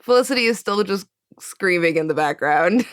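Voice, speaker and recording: A woman's voice: lowish voice, lively intonation, moderate pace, a bit bright. A woman playing a tabletop game, chatty and amused. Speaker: player. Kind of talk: casual tabletop game play.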